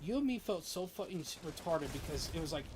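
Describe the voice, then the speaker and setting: Young man, gaming streamer, rambling and excitable, swears a lot, slightly high voice. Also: fast, noisy background. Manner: rambling, excitable storytelling with profanity. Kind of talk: casual gaming chat.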